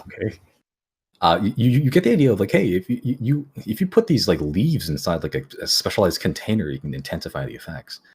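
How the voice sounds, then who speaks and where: A man running a tabletop game as game master, talking haltingly with many repeated words. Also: deep voice, very animated, darkish tone, slightly rough.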